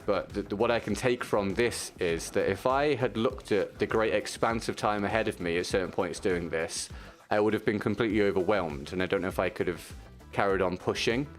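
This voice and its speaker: A man streaming a shooter game, talking to his viewers in a supportive, casual way with frequent restarts. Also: lowish voice. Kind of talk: casual chat while playing.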